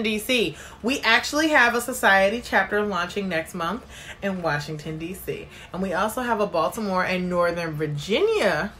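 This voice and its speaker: A woman's voice: mid-range voice, pushed and bright, a little hiss or hum. A woman hosting a casual live stream, chatty and bubbly, greeting viewers by name and reading their comments aloud. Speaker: livestream host.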